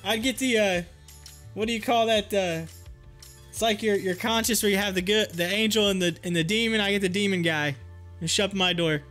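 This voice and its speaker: A man with a very high, bright voice hosts a stock market livestream. He tells rambling stories full of fillers and breaks into giggles. Faint music plays behind him. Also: moderate pace. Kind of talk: casual livestream chat.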